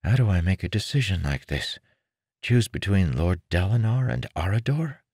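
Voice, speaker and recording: An anxious, bewildered young man who keeps questioning and pleading, as a man puts him on. The voice is raised well above the reader's own deep tone, in a dry, close storybook recording. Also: big pitch swings, normal speed, a little mellow, no room sound. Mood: torn.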